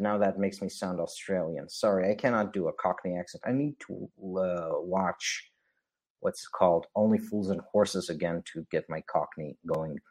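Low-voiced man hosting a livestream. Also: moderate pace, a little mellow. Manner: rambling with frequent fillers. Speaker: livestream show host. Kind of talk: casual livestream chat.

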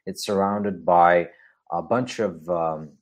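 A man hosting a livestream in a somewhat low voice. He rambles along casually with plenty of fillers, stopping to read out viewer donations. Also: slow. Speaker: livestream show host.

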